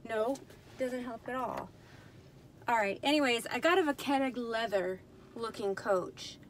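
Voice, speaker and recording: A woman's voice: on the high side, unhurried, a little hiss or hum. A woman chatting casually in a haul vlog, talking to herself, frustrated, addressing viewers as y'all and you guys. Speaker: purse reseller vlogger. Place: indoors at night, dim room.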